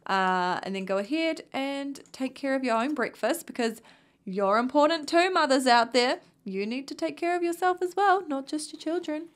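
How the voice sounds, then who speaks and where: A young woman with a New Zealand accent gives relaxed, rambling commentary over a life-sim game, often talking straight to her characters. Her voice sits high and she sounds worn out, yawning through the session. It is recorded close on a desk mic. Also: normal speed. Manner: chatty, rambling, talks to her sims. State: tired, yawning. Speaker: gaming youtuber. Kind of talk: casual gameplay commentary.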